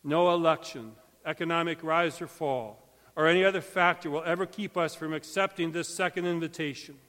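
A man preaching a sermon as pastor, emphatic and swinging between loud calls and hushed, quiet stretches. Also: fairly high pitch, a little fast. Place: church sanctuary. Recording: long church hall reverb.

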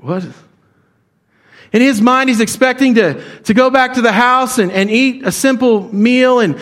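A male pastor preaching a sermon in a conversational way, often asking the congregation direct questions. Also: extremely high pitch.

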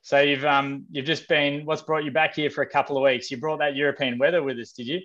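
A man's voice: on the high side, little pitch movement, fast, a bit bright. Easygoing podcast host man. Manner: joking, easygoing, mate-style banter. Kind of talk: casual interview chat. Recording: dull lo-fi podcast sound.

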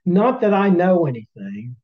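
A man's voice: sits high, very animated, measured pace, narrow, tinny audio. A man with a Southern US accent, a podcast co-host telling a folksy story to listeners in a drawling, chatty way with teasing asides. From Southern United States.

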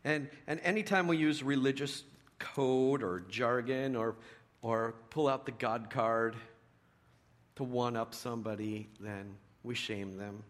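A man's voice: mid-range voice, unhurried. Conversational male pastor preaching. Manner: conversational storytelling, shifts from soft hushed to loud emphatic. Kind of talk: sermon.

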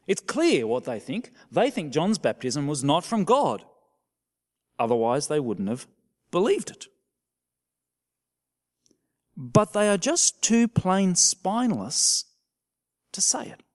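A male minister preaching a sermon, asking the congregation questions and dropping to a soft voice at times. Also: a little high, takes it slowly, long pauses. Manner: animated, questioning the congregation with sudden soft drops.

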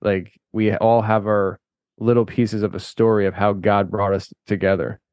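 A man's voice: on the low side, flat delivery, normal speed, darkish tone, no room sound. A man talking as a guest on a podcast, rambling and chatty, laughing often and restarting his sentences. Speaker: podcast host and filmmaker guest. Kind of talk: casual conversation.

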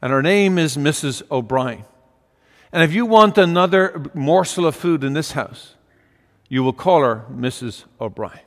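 A quiet, firm mother of twelve, voiced by a man. She speaks in measured, level phrases at a fairly high pitch. A long, echoing reverb surrounds her voice. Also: animated. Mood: stern.

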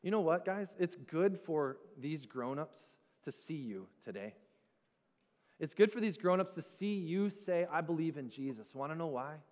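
A man preaching a sermon as pastor in a church, with a conversational, animated storytelling manner. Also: fairly high pitch, measured pace, big-room sound. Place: church sanctuary.

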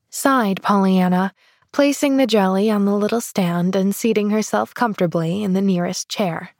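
A woman narrating a classic novel in measured, gentle storytelling. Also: medium pitch, no echo, clean studio sound. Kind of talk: audiobook narration.

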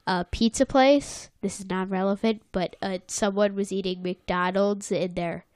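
Slow-talking giggly woman recapping a cartoon. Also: mid-range voice, fairly even intonation, darkish tone, no room sound. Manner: giggly, slow storytelling, adds whoosh sound effects. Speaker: podcast co-host recapping a cartoon episode. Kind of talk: casual chat.

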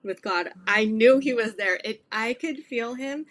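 A woman's voice: on the high side, a little slow, a bit bright. Earnest middle-aged woman telling her testimony. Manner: earnest, rambling, many fillers. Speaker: guest sharing her testimony. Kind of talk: casual testimony in an interview.

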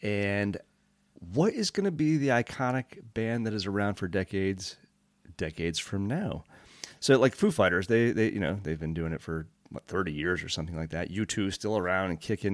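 A man co-hosting a podcast in casual chat, relaxed and agreeable as he thinks aloud. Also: low voice, moderate pace, no room sound. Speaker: podcast co-host.

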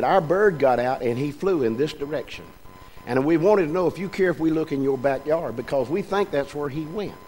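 A man's voice: a little high, a little mellow. An older man, a pastor telling folksy stories in a sermon and asking his congregation questions. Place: church sanctuary.

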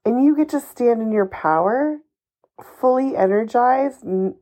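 A woman hosts her own advice podcast, speaking at an unhurried, deliberate pace. She is emphatic and encouraging, a little ranty at times, and drops a casual swear word now and then. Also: fairly high pitch, mellow. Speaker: podcast host. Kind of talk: solo podcast advice monologue.

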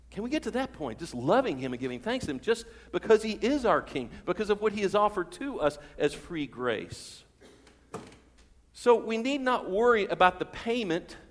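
A man's voice: high voice, long reverb tail. A man preaching a sermon as pastor in a church, asking the congregation questions and repeating key words for emphasis. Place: church sanctuary.

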